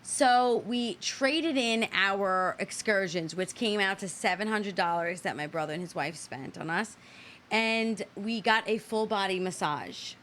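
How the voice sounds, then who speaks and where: An American woman hosting a casual live show, telling a funny story with animated, laughing delivery. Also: mid-range voice, measured pace, slight background noise. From United States. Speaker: host.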